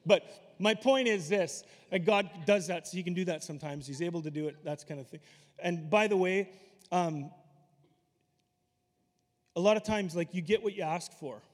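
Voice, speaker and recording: Conversational pastor in an echoing hall. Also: male voice, high-pitched, moderate pace. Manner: conversational, storytelling with asides. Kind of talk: sermon. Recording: long hall reverb.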